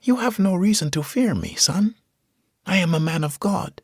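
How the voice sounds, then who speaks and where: A man voicing a short, thin, middle-aged preacher with a Spanish accent who talks calmly and gently, as if to a child. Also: sits high, normal speed, breathy edge, dry recording, studio quality, pitched above the performer's own voice, full character voice. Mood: serene. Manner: calm, gentle, speaks as if to a child.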